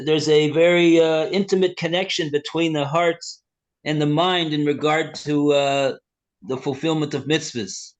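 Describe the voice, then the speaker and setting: A male rabbi teaching a text class. He reads passages aloud and translates them in a halting way, with many fillers and restarts. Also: fairly high pitch. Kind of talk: slow text study, reading and translating.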